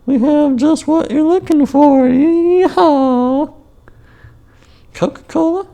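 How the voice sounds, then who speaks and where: A man voicing a cheery, salesy talking grocery store in an exaggerated sing-song pitch. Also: slow, creaky, warm tone, exaggerated voice. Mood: gleeful sales pitch.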